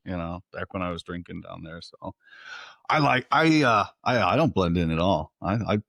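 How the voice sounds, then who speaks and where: A man hosting a podcast, talking in a relaxed way, joking and telling stories. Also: low-pitched, moderate pace, gravelly, no echo, clean studio sound. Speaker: podcast host. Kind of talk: casual podcast interview.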